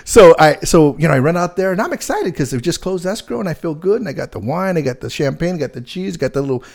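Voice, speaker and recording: Here a middle-aged man, a real estate agent, chats casually as he tells a story, rambling and animated with many fillers. The voice is somewhat high and fast, with noticeable vocal fry.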